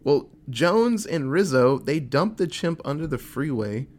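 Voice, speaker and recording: A man casually recapping a TV episode with a co-host, telling it in an animated way and popping into quick voices for the characters. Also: on the high side. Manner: animated storytelling with quick voice switches for quoted characters. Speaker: podcast co-host.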